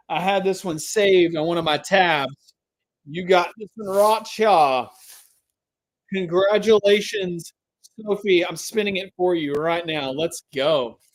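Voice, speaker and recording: A man hosting a live stream giveaway, chatting to viewers and drawing out the suspense. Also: sits high. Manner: hypes and drags out suspense, talks to chat.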